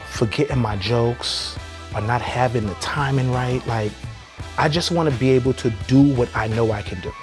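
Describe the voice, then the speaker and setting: A young man doing stand-up, telling brash, profane stories and shouting his punchlines, then talking calmly in an interview. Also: medium pitch, moderate pace, soft background music. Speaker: stand-up comedian. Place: comedy stage before a live audience.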